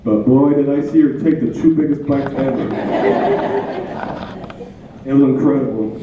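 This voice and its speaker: A man's voice: medium pitch, normal speed, a loud crowd, heavy background noise. A man giving a rambling, heartfelt tribute to his late wife, full of anecdotes and repeated phrases. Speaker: widower giving a tribute speech. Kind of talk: personal storytelling speech. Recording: echoey hall, tinny and from far off.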